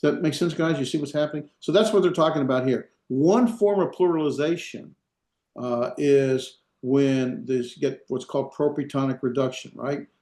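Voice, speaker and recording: A man's voice: mid-range voice, moderate pace, a little mellow. A man teaching a language class, explaining step by step with many fillers and checking whether his students follow. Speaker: Hebrew instructor. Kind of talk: classroom lecture. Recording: echoey room.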